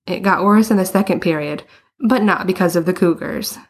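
Woman audiobook narrator, lowish pitch, even storytelling. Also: normal speed, breathy edge. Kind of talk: scripted narration.

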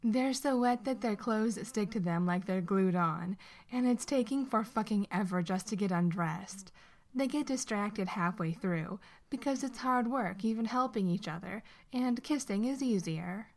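A woman narrates a story aloud at a middle pitch. Her reading is steady and expressive, and she keeps an even storybook pace. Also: a little slow.

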